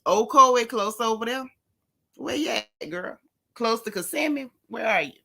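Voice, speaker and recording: A woman hosting a casual livestream, talking frankly and warmly about faith and loss while greeting viewers by name. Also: fairly high pitch, animated, unhurried, creaky. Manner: chatty, greets viewers by name between thoughts; frank, heartfelt, faith-filled talk. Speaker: livestream host.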